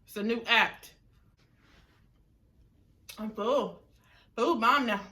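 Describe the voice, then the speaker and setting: Woman vlogger, casual eating chat, bright slightly high voice. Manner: chatty, drawling, laughs often. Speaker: mukbang vlogger. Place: outdoors, windy.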